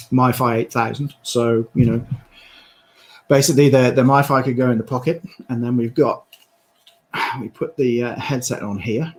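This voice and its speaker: A man with a British accent giving a halting live product demo, with many fillers and restarts. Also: mid-range voice, creaky, darkish tone, low-quality recording. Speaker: presenter demonstrating a headset.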